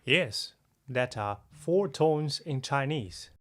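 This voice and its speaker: A woman's voice: a bass voice, animated, slow. A woman co-hosting a podcast pronunciation lesson, asking leading questions and guiding the practice. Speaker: podcast co-host.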